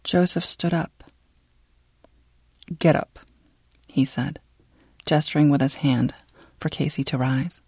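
A woman reading a novel aloud as an audiobook narrator, in a steady, measured storytelling manner. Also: sits low, creaky, slightly rough, dry recording, clean studio sound.

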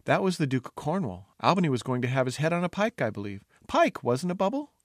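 A man's voice: on the high side, sing-song, fast talker, no room sound, clean studio sound, voice pushed up. A man voicing a shy, sturdy young kitchen maid who speaks lightly and helpfully.

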